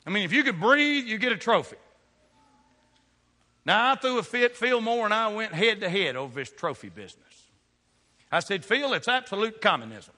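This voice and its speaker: A middle-aged man preaches a sermon in a high, bright voice. He tells funny stories and stumbles through quick restarts as he works the congregation. His voice rings out with the long reverb of a large church hall. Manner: animated storytelling with humor and rapid restarts. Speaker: pastor. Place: church sanctuary before a congregation.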